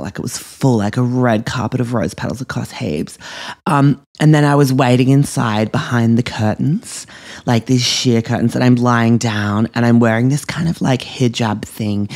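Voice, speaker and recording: A man's voice: medium pitch, natural voice. A man voicing a vain, dramatic, self-obsessed young woman, rambling through a story packed with "like" and "um". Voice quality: filler-heavy, constant "like" and "um". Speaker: comedy podcast character. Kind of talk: scripted comic monologue.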